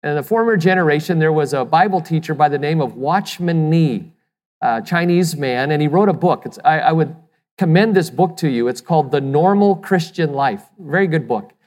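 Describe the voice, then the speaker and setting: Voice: mid-range voice, animated, normal speed, a little mellow, long reverb tail. A pastor preaching a sermon with emphasis, asking the listeners rhetorical questions and sometimes repeating words as he restarts.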